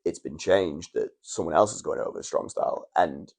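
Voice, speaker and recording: A man's voice: low-pitched, normal speed, a little mellow, slightly rough. A young man, a wrestler, telling long stories in a casual podcast chat in a hotel room, with restarts and swearing. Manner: rambling storytelling, frequent restarts and swearing.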